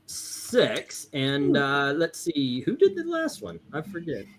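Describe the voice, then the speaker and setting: Lively-pitched man hosting a casual stream. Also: takes it slowly, noisy background. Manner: leads the scoring, relaxed and joking. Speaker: livestream host. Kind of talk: casual chat.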